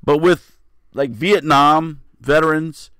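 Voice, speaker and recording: A man's voice: a little high, slow, sharp tone, smooth, dry recording. A middle-aged man co-hosting a casual chat, laid-back and joking, rambling with fillers. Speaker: podcast co-host.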